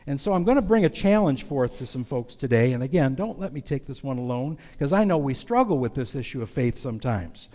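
Man, pastor, folksy conversational sermon, mellow warm tone, church with long reverb. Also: medium pitch, lively intonation, a little fast, hardly any pauses. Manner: folksy, conversational, confessional preaching. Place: church sanctuary.

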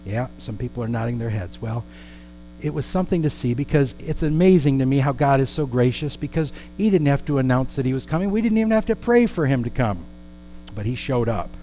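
A man's voice: medium pitch, lively intonation, fairly quick, mellow, slight background noise, rough recording. A man preaching a storytelling sermon in a conversational way, with asides and questions to the congregation.

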